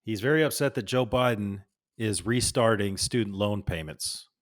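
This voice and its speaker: A man's voice: fairly low pitch, moderate pace. A man co-hosting a podcast, teasing and playful as he tells a story. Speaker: podcast co-host. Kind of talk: casual political chat.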